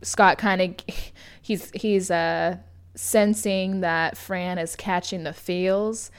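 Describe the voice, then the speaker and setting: A woman's voice: on the low side, steady tone, slow, smooth. A woman co-hosting a podcast, chatting casually about a film with lots of laughter, fillers and restarts. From United States. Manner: giggly, rambling with fillers and self-corrections. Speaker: podcast co-host. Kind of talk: casual chat recapping a film.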